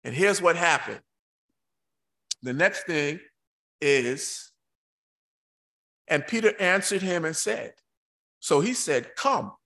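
Male preacher, unhurried scripture reading, dramatic pauses, light voice. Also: fairly high pitch. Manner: excitable asides.

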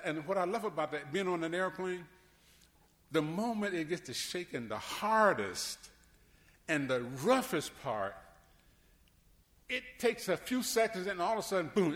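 A man preaching a sermon from the pulpit, with a bright, ringing tone and a voice a bit higher than most men's. He repeats words as he builds, sliding from quiet asides up to fervent hollering. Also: expressive, measured pace, long pauses. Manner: preaching with repetitions, swinging from soft asides to hollering. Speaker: pastor.

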